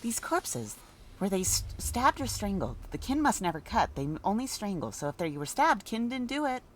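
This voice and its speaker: A woman's voice: mid-range voice, big pitch swings, moderate pace, a little hiss or hum, close to an everyday voice. A woman reading the part of an odd, blunt child in a video game, hesitant at times.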